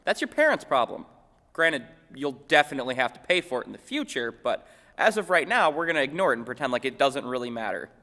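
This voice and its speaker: A young man hosting a comedic news parody, with deadpan wisecracks in a mock-anchor delivery. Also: medium pitch, fast talker, in a large hall. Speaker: segment host.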